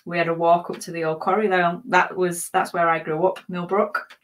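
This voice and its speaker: Teasing English woman, lowish voice. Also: little pitch movement, normal speed. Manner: teasing, laughs a lot. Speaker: co-host of a reselling live show. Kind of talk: casual live-stream chat.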